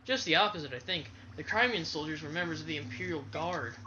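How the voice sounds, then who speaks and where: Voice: medium pitch, fast, bright, forceful tone, muffled recording, slight background noise, lightly acted. A player reading a cold cynical tactician.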